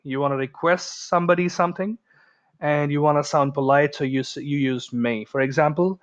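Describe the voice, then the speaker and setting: A man's voice: a little high, steady tone, fairly quick. A man teaching an English grammar lesson in a chatty way, acting out everyday example dialogues. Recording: dull lo-fi recording.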